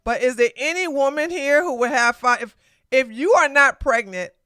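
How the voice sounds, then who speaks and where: A woman hosting a live political commentary stream, animated and sarcastic, exclaiming and talking to her chat. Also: high voice, normal speed, no room sound, studio quality. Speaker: podcast host.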